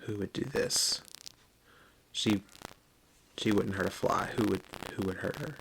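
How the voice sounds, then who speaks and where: A man's voice: lowish voice, a little slow, gravelly, a bit bright, slight background noise. A man voicing a grieving young male elf who stammers when shaken.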